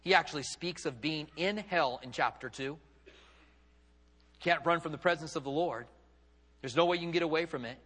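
A man's voice: fairly high pitch, normal speed, pauses often, a bit bright. A male pastor preaching a sermon, acting out quotes with big dramatic swings in his voice. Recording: long hall reverb.

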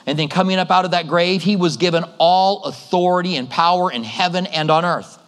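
With the long reverb of a large hall around him, a middle-aged pastor delivers a sermon of conversational stories, acting out others' voices. His voice is high-pitched with a fairly bright tone, and his pace is fairly quick.

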